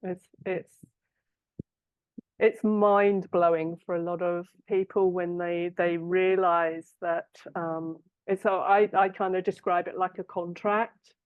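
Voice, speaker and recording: A woman's voice: fairly low pitch, flat delivery, takes it slowly, clear, resonant tone, dry recording. A woman hosting an interview, explaining her view thoughtfully with some restarts. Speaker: host. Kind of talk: interview conversation. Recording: tinny phone-like line, dry.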